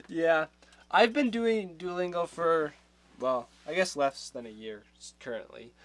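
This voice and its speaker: A man hosting a livestream, chatting casually with viewers, laughing often and trailing off mid-sentence. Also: on the high side. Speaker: livestream host.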